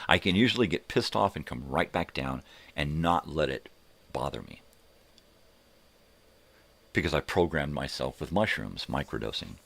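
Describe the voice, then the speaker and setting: A man's voice: rumbling low, creaky, fairly bright tone. An older man hosting his morning show, telling heated, profanity-laced stories in a casual rant. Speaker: host of a morning live show. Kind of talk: casual ranting monologue.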